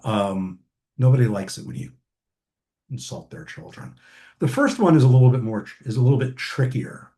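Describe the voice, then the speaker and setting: Male trainer, warm relaxed voice, casual lecturing with fillers and restarts. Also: medium pitch, moderate pace. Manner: conversational, many ums and restarts. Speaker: family therapy trainer.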